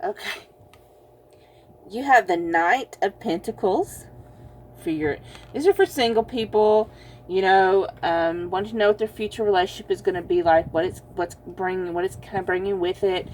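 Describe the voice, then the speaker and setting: A woman's voice: mid-range voice, normal speed, a little hiss or hum. A woman giving a casual tarot card reading, chatty and teasing, laughing often and calling her viewers y'all. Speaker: tarot reader.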